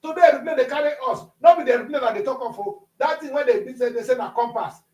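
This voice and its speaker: A man co-hosting a talk show, speaking Nigerian Pidgin-inflected English, animated and full of rhetorical questions. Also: very high-pitched, fast, far from the mic. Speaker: co-host. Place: studio. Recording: echoey, from off-mic.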